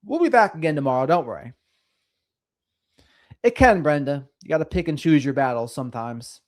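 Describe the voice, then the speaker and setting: During a relaxed livestream where he reads comments aloud, the middle-aged male host speaks at normal speed in a voice on the high side. His chat with viewers comes across as sing-songy and lively.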